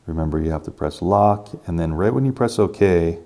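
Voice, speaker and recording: A man's voice: sits low, animated, fairly quick, warm tone, a little hiss or hum. A man casually talking viewers through a gadget review and setup, step by step with enthusiasm. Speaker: tech reviewer.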